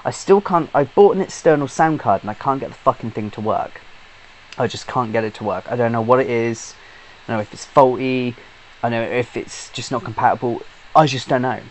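A British man in a middle-pitched voice chats through a rambling update, full of fillers, restarts and casual swearing. A faint hiss of noise sits under the recording. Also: a little fast, low-quality recording. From Britain. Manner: chatty and swears freely, with many fillers and restarts. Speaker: YouTube gamer.

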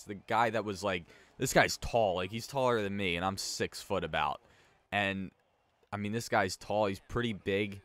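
A man's voice: on the low side, fairly bright tone, dry recording. A young man casually chatting and telling stories while playing a hockey video game, rambling with lots of "like" and sudden outbursts at his own mistakes. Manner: rambling storytelling with frequent "like", bursts of frustration at the game. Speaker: gaming YouTuber. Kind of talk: casual let's-play commentary.

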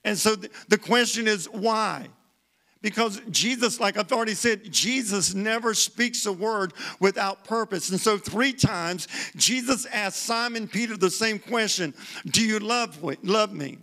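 A man's voice: sits high, measured pace, sharp tone. A man preaching a sermon as a guest speaker in a church, repeating himself for emphasis and calling out to the congregation for responses. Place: church sanctuary.

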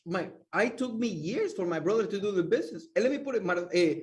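Earnest man, high voice, off-mic. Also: expressive, fast, darkish tone, far from the mic. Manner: repetitive, earnest, restarts phrases. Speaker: guest co-host. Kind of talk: casual chat.

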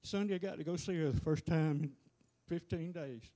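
A man giving a halting, plainspoken personal testimony to a church. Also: fairly high pitch, mellow.

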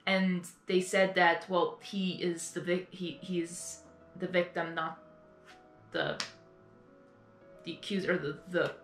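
A woman's voice: fairly low pitch, little pitch movement, takes it slowly, long pauses, fairly bright tone. A woman reacting live to an audio drama, ranting earnestly and rambling, and often apologizing for going on. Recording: echoey room, faint music behind.

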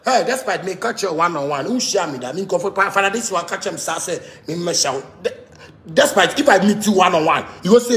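A man with a Ghanaian Pidgin English accent delivering a heated, repetitive rant that swings from shouting to muttering. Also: high voice, animated, brisk, gravelly, roomy sound. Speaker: musician ranting to camera. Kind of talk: angry rant.

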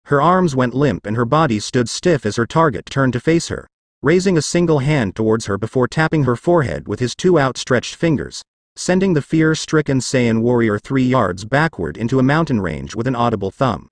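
A man reads a fan fiction story aloud with dramatic flair. His pitch rises and falls a lot, and the close microphone gives a dry, intimate sound with no room echo. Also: lively intonation, normal speed.

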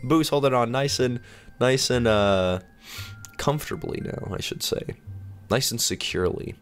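A man's voice: measured pace, smooth, soft background music. A man in his twenties gives playful gameplay commentary, sick and yawning, his voice jumping up when he gets alarmed. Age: 20s. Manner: excitable, pitch jumps up when alarmed. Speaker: gaming video host.

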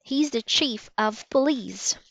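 A woman's voice: a little high, animated, slow pace, creaky, dry recording, pitched above the performer's own voice, full character voice. A woman reading the lines of an eager, helpful young girl in a storybook. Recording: slightly dull lo-fi recording.

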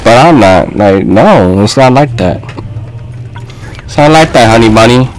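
A man giving loose, excitable gameplay commentary, trash-talking and yelling at his opponent on screen. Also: medium pitch, measured pace, pauses often, low-quality recording. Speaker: gaming video host.

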